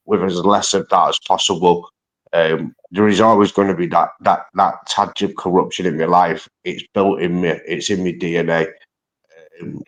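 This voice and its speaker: A man with a Manchester accent hosting a live stream, rambling through casual chat with plenty of slang and swearing. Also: low-pitched. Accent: Mancunian. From Manchester, England.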